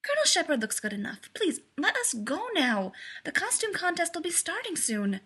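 A woman voicing an excitable young female scientist who speaks politely and eagerly in a storybook reading. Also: very high-pitched, normal speed, voice pushed up, full character voice. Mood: excited.

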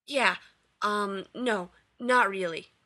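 A flustered male military officer, read by a woman, halting and hesitant, stumbling through short replies. The tone stays bright and forward. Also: mid-range voice. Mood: awkward.

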